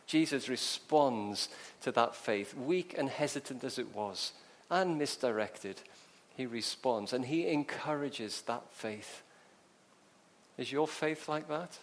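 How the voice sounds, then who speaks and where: A man's voice: medium pitch, lively intonation, takes it slowly, a little hiss or hum. A man preaching a sermon, telling the story vividly and asking rhetorical questions.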